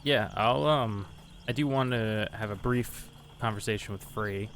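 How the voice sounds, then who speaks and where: A man playing a tabletop game, speaking in an unhurried, halting way. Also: fairly low pitch, fairly bright tone, faint music behind. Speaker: player.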